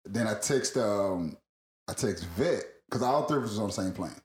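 A man spins a rambling story in casual chat, laughing and cursing as he goes. His pitch swings widely and expressively. The voice carries a noticeable room echo. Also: normal speed. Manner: rambling, laughing, profane, animated.

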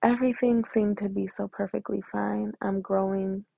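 Gravelly-voiced young woman telling her story. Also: medium pitch, steady tone, moderate pace, no echo, phone-quality sound. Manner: emotional, candid, filler-heavy slang. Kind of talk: casual personal storytelling.

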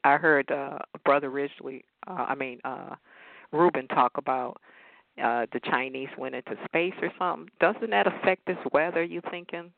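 A woman calling in to a talk program, speaking in an excitable, effusive way. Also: low-pitched, moderate pace, gravelly, no echo. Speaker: caller. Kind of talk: call-in talk. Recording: tinny phone line.

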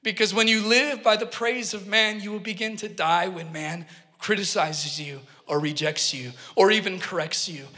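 A man preaching with a high, ringing voice, earnest and emphatic, and he often turns to the congregation with a joke. The sound carries a long reverb from a church hall. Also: normal speed, bright, forceful tone. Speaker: pastor. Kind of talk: sermon with personal storytelling.

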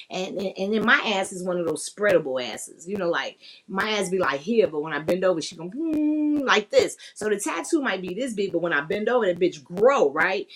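Frank, profane woman podcast host. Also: mid-range voice. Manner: frank, profane, laughs often. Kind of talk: candid sex-talk podcast monologue.

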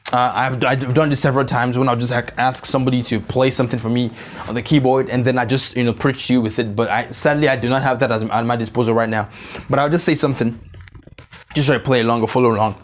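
A man's voice: medium pitch, steady tone, a little hiss or hum. Joking, confessional man preaching. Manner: jokey, confessional, with slow drawn-out emphasis. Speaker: pastor. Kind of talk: sermon. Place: church service, streamed online.

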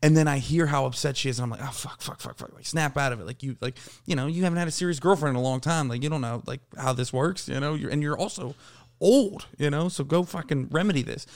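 A man's voice: fairly high pitch, fast talker. A man in his thirties telling a long, rambling, profane story on a casual podcast, laughing along as he goes. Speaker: podcast co-host.

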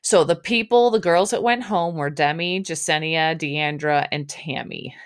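A woman's voice: low-pitched, a little slow, clean tone. A young woman hosting a podcast, giving a chatty, snarky recap of a reality show. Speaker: podcast host.

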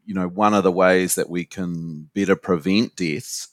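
A man's voice: low voice, fairly even intonation, unhurried, dry recording, clean studio sound. A man with a New Zealand accent, a guest academic answering interview questions in an earnest, conversational way. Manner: earnest, with frequent "you know" fillers. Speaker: guest academic and suicide educator.

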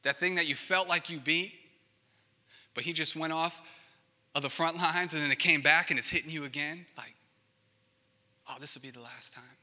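Male pastor, casual conversational preacher with joking asides, very bright tone, long hall reverb. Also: fairly high pitch, steady tone, normal speed. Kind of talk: sermon.

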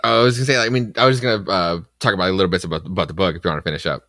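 A man's voice: sits low, very fast, sharp tone, no room sound, studio quality. A man co-hosting a casual comics podcast, enthusiastic, laughing often and restarting his sentences. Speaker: podcast co-host. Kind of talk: casual comic book chat.

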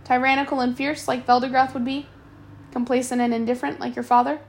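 A woman voicing a calm, probing grown male servant, speaking softly and measuring her questions. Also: high-pitched, quick pace, creaky. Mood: questioning.

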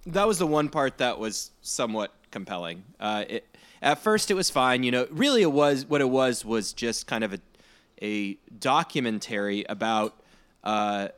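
A man's voice: mid-range voice, a bit bright. A man in casual podcast chat, talking earnestly with many fillers and repeated phrases.

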